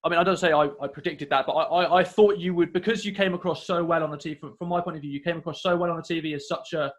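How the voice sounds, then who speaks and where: A man's voice: a little high, steady tone, racing. A man hosting a podcast interview, enthusiastic and full of praise for his guest. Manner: enthusiastic, complimentary. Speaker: podcast host. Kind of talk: casual interview.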